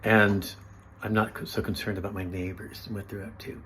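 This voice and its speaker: A middle-aged man, a stand-up comedian, delivering a sardonic comic monologue with campy, self-mocking, deadpan sarcasm. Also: on the low side, brisk, slight background noise.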